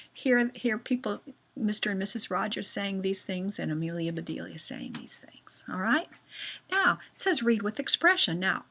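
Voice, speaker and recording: A woman's voice: medium pitch, gravelly, a bit bright, slightly rough. A woman teacher explaining reading fluency to children in simple words, often checking in with them. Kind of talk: classroom reading lesson for children.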